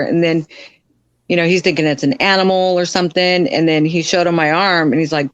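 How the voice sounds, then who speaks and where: A woman, a podcast guest, telling a hard personal story in a frank, blunt way, with many fillers and quick voice shifts when she quotes others. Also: deep voice, fairly even intonation, no room sound, dull audio.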